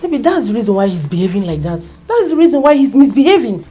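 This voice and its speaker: A woman's voice: medium pitch, expressive, normal speed, darkish tone, lightly acted. A woman playing a soothing, caring sister. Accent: Nigerian. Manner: soothing, consoling. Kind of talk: film drama acting.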